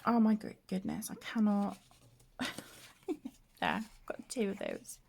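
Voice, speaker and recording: Slow, gravelly, soft-spoken woman. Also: mid-range voice, huge pitch swings, slight background noise. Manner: soft-spoken, gushing, often drops to a whisper. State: tired from broken sleep, yawning. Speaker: colouring channel host. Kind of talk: casual show-and-tell vlog.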